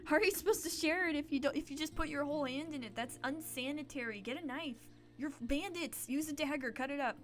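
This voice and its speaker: A woman's voice: high voice, fast. Chatty woman streaming a game. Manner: chatty, playful asides to herself. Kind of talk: casual game-stream commentary.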